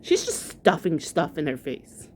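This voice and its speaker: Woman vlogger, gossipy reaction chatter, slightly low pitch, faint hiss behind. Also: wildly swooping pitch, a little slow. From New York. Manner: gossipy, chatty, lots of "like" fillers. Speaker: commentary vlogger. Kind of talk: casual reaction commentary.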